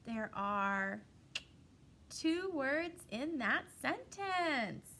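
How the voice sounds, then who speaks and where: A woman's voice: high voice, sing-song, bright, forceful tone, slight background noise. Sing-song woman teaching kindergarten online. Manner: sing-song, exaggerated and playful, drawn-out words.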